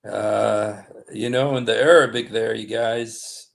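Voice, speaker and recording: A man with a low, gravelly voice hosts a casual livestream. He reads passages aloud slowly, stopping often with fillers and apologies. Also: steady tone, fairly bright tone. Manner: halting, many fillers and apologies. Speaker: livestream host. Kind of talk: casual livestream commentary reading texts aloud. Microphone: desktop streaming mic.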